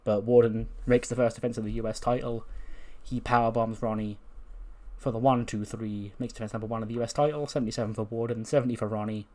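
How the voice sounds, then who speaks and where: A man's voice: mid-range voice, flat delivery, quick pace, darkish tone. A man casually narrating a wrestling sim game, rambling with frequent fillers and the odd swear. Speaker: gaming video host. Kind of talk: casual let's play commentary.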